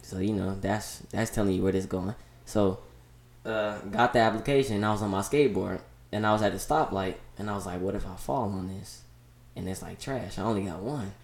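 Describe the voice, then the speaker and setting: Gravelly teen boy in echoey room. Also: lowish voice, brisk. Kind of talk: casual chat.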